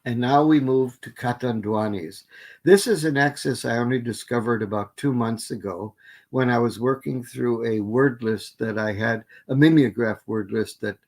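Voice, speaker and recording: A man's voice: medium pitch, moderate pace, darkish tone. An older man giving an academic plenary lecture, methodically listing word forms with frequent fillers and restarts. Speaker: linguistics lecturer.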